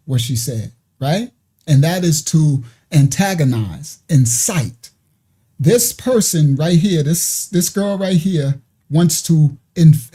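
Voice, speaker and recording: A man's voice: on the high side, warm tone, husky. A man hosting a ministry live stream, commenting on clips in a preachy way and repeating himself. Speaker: ministry host.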